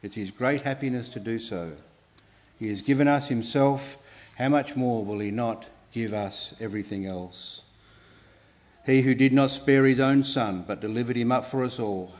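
In a medium-pitched, slightly mellow voice, a man delivers a sermon earnestly and at a measured pace. He pauses and restarts, rising emphatically on key words.

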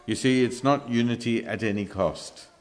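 A man's voice: medium pitch, moderate pace, faint music behind. A man preaching a sermon in an earnest way, often stumbling and restarting with filler sounds.

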